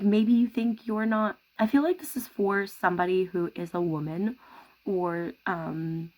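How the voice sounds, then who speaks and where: A woman giving a tarot reading to camera at home, speaking softly and reassuringly. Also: mid-range voice, low-quality recording. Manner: soft-spoken, gentle and reassuring. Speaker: tarot reader.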